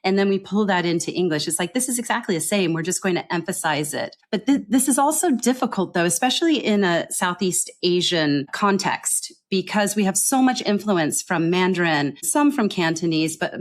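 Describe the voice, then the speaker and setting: A woman's voice: lowish voice, animated, normal speed, hardly any pauses. Earnest woman explaining accent coaching. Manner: explanatory, earnest, often adds a questioning "right?". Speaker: pronunciation and accent coach, podcast guest. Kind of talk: podcast interview.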